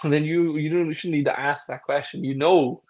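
A man's voice: a little high, fairly even intonation, brisk, darkish tone. A man co-hosting a casual podcast as a fitness coach, talking bluntly and jokingly about diet. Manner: blunt, jokey, puts on voices for quoted people. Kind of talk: casual chat.

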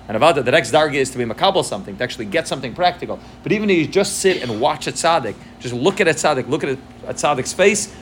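A man's voice: on the high side, fairly bright tone, a little hiss or hum. A man giving a Torah class, explaining texts line by line and mixing Hebrew and Yiddish terms into English, often checking in with "right?". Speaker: Torah teacher.

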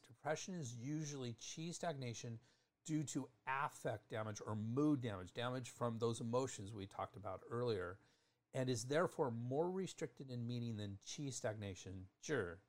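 A man's voice: mid-range voice, unhurried. A man teaching acupuncture terminology in a thoughtful lecture, often restarting phrases and spelling out terms.

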